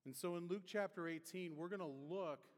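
A man, preaching a sermon in a relaxed, conversational way and telling a personal story with humor. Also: sits high, moderate pace. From Detroit area, USA. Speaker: pastor. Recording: reverberant hall.

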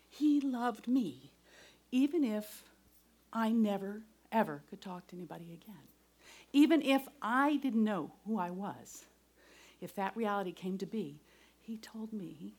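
A middle-aged woman giving a devotional talk and personal testimony, earnest, moving between raised voice and soft whispers. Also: medium pitch, slightly rough. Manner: earnest, shifts from loud to whispered.

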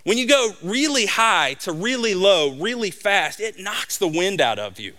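Middle-aged male pastor, high bright voice, animated storyteller. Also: normal speed. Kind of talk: sermon.

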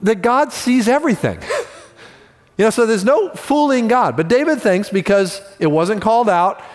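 A male pastor preaching a sermon in a relaxed, conversational storytelling manner with quick asides. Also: high-pitched, in a large hall.

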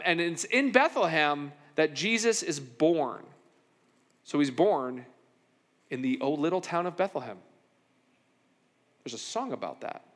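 Animated high-voiced male preacher in a hall. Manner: animated storytelling, acts out the characters' lines. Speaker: pastor. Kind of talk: sermon. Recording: long hall reverb.

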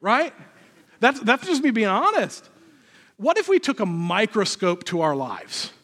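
Guy giving a sermon, kinda high voice, casual and self-mocking. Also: sing-song, a little slow, fairly bright tone. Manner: conversational, self-deprecating humor. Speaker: pastor.

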